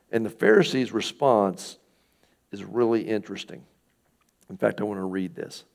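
A man's voice: fairly low pitch, moderate pace, vocal fry, pauses often. A middle-aged man preaching a sermon in a conversational way, asking his listeners questions and acting out the people in the passage. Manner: conversational, asks the listeners questions, acts out quoted speakers. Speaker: pastor.

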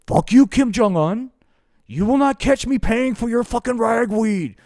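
A man's voice: extremely high pitch, expressive, unhurried, dry recording, studio quality, voice pushed up. A man voicing a blustering old male president caricature in a live puppet show. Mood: defiant. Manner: shouting, boastful puppet-show bravado.

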